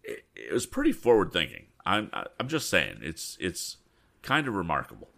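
A man's voice: deep voice, huge pitch swings, moderate pace, gravelly, pushed and bright. A man reading an old adventure story aloud, breaking off for chatty asides. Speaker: reader.

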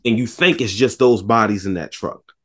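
A man chatting casually about a movie, retelling scenes with animated voices and lots of swearing. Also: on the low side, moderate pace. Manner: animated storytelling, acts out scenes, swears a lot. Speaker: podcast co-host.

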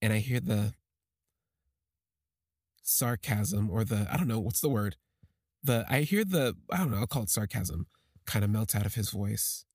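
Halting husky man telling a personal story. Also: on the low side, animated, darkish tone, no echo, clean studio sound. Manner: halting, emotional, with many restarts. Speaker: podcast storyteller.

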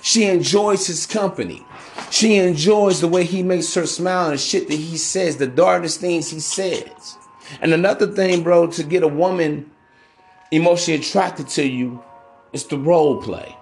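Man talking on his podcast, kinda high voice, cusses a lot, calls everyone bro, faint music under it. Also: normal speed, creaky. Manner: profane, preachy, calls listeners bro. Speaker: podcast host. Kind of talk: casual monologue.

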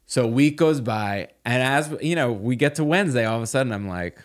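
A man's voice: medium pitch, animated, a little fast. A middle-aged man chatting casually as a podcast guest, telling a long story with many fillers and restarts. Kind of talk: casual chat.

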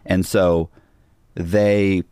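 Low-voiced man telling a rambling story. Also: flat delivery, very slow, mellow, clean tone, no echo, studio quality. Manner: rambling, restarts, acts out quoted dialogue. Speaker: podcast guest. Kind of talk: casual storytelling.

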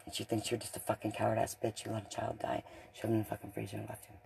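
A man giving a blunt, profane, emotional monologue addressed to others, swinging between loud and hushed. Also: lowish voice, monotone, racing, gravelly, slight background noise. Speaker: speaker in a recorded video message.

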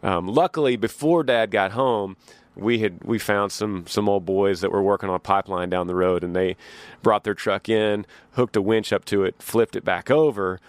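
A man's voice: on the low side, normal speed, no echo. A man from Texas, hosting a podcast and telling stories casually in a rambling, folksy way with frequent restarts. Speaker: podcast host. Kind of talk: casual storytelling.

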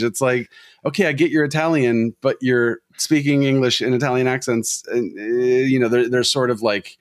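A man's voice: mid-range voice, normal speed, no echo, studio quality. A man co-hosting a film podcast, talking casually in a wry, rambling, analytical way. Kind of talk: casual discussion.

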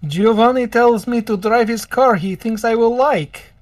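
A man voicing a gruff soldier in a tabletop game, speaking in clipped broken English and dropping his articles. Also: extremely high pitch, unhurried, dry recording, far from the mic, voice pushed up. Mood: deadpan. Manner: drops articles, blunt literal phrasing. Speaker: player. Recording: dry and somewhat off-mic.

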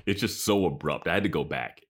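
Very deep-voiced, thoughtful podcast co-host. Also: male voice, a little fast, fairly bright tone. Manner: thoughtful, lots of "like" and "you know". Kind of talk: casual chat.

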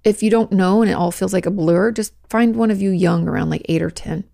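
A woman's voice: mid-range voice, fairly quick, vocal fry, warm tone. A woman therapist hosting a podcast, talking frankly and casually with lots of "like" fillers. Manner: conversational, frank, many "like" fillers. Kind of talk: casual advice talk.

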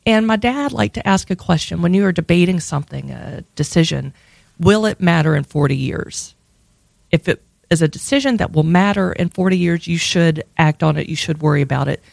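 A woman's voice: fairly low pitch, a little fast, vocal fry, hardly any pauses, dry recording. A woman with a Southern US accent telling a wistful personal story in a reflective, drawling way.

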